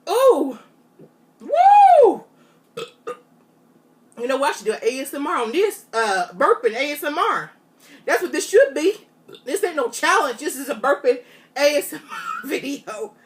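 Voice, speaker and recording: A woman chatting straight to her viewers in a casual challenge vlog, animated and drawling. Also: high voice, moderate pace, far from the mic. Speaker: vlogger. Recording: faint noise, voice off from mic.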